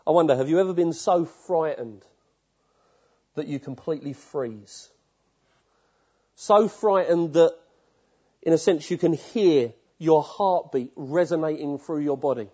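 A male preacher with a slightly high, mellow voice and a husky edge, heard on a dull lo-fi recording. He preaches with vivid storytelling and often turns to ask his listeners questions. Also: unhurried, pauses often. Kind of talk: sermon.

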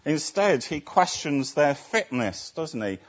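A man's voice: on the high side, very animated, takes it slowly. A man preaching a sermon, often asking his listeners rhetorical tag questions. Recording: dull lo-fi recording.

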